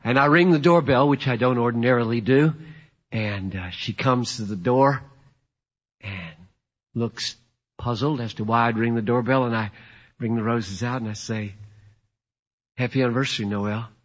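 A middle-aged man preaching a sermon in an emphatic storytelling way, swinging from loud to hushed. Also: mid-range voice, normal speed. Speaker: pastor. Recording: dull lo-fi sermon recording.

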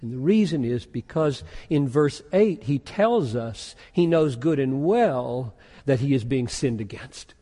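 A pastor preaching a sermon, moving from quiet musing into loud, intense emphasis. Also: male voice, medium pitch, expressive, measured pace, few pauses. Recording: echoey hall with long reverb.

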